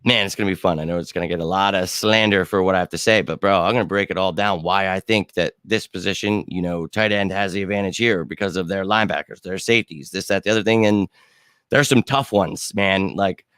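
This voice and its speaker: A middle-aged man hosting a fan live stream, chatting casually with viewers in an excitable, slangy way and bursting into shouts now and then. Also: sits low, a little fast, clean tone, no room sound, clean studio sound. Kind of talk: casual live chat answering viewer comments.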